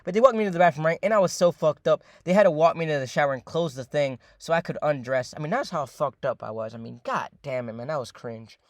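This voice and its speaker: Fast-talking young man telling a rambling story. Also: a little high, dry recording, clean studio sound. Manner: rambling, profane, heavy on fillers and repeats; addresses viewers as ladies and gentlemen. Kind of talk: casual storytime monologue.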